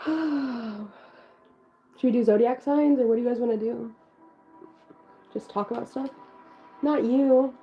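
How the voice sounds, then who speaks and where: A woman's voice: on the high side, a little slow, long pauses, faint music behind. Rambling young woman reading tarot. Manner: rambling, filler-heavy, swears casually. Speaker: tarot reader. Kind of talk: casual tarot reading livestream. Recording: dull lo-fi sound.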